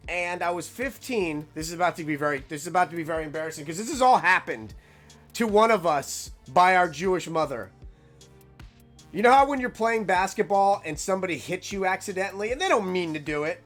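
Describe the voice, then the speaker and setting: A young man telling a casual, rambling story, animated and full of "like" fillers. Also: high-pitched, a little fast, faint music behind.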